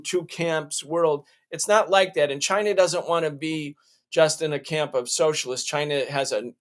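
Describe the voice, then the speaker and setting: A man's voice: fairly high pitch, a bit bright. A male show host giving emphatic political commentary, often restarting his sentences.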